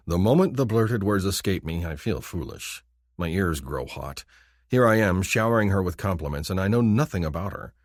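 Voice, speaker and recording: A man narrating a romance audiobook in the first person, in an expressive, intimate manner. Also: low voice, no room sound, clean studio sound.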